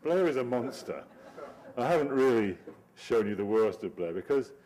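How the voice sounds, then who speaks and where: A man's voice: mid-range voice, animated, moderate pace, a little mellow. A middle-aged man, a cartoonist giving a wry, digressive talk over his slides and laughing often. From Britain.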